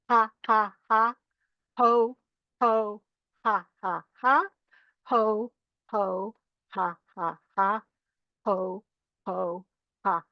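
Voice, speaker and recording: A woman with a high voice leads a workshop in an upbeat, encouraging way, taking her time over each step. The sound is dry and a little dull, like a webinar microphone. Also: a bit bright, no echo. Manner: upbeat, encouraging, demonstrating chants. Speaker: workshop presenter. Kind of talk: guided laughter yoga exercise.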